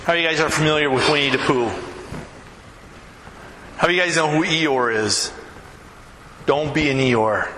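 A man's voice: a little high, moderate pace, long pauses. A man preaching a sermon in a church, conversational and earnest, often checking in with the congregation. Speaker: pastor. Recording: echoey hall with background noise.

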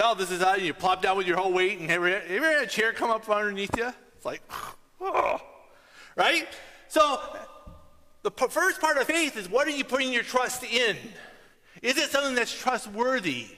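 Bright-voiced man preaching in an echoing hall. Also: high voice. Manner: conversational, checks in with "right?" often. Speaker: pastor. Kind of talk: sermon.

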